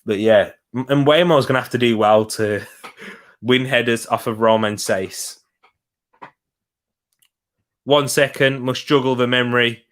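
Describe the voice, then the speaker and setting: A man's voice: mid-range voice, measured pace, pauses often. A young man talks through a live football match for his viewers. He chats casually, laughs easily and answers comments as he goes. His voice sits in an ordinary middle range. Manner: chatty, laughs often, reads out viewer comments. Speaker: watch-along host.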